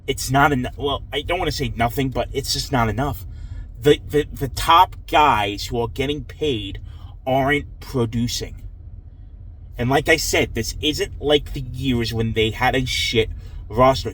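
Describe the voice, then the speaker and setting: A man's voice: mid-range voice, unhurried, a bit bright, a little hiss or hum, poor audio. A man ranting after a hockey loss, swearing and sounding frustrated and dejected. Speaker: hockey fan vlogger. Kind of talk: angry post-game rant.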